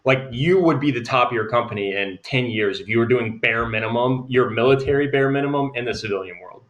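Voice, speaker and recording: A male interview guest talking casually in a relaxed, chatty way. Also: medium pitch, a little fast, lo-fi sound. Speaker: guest, veteran entrepreneur.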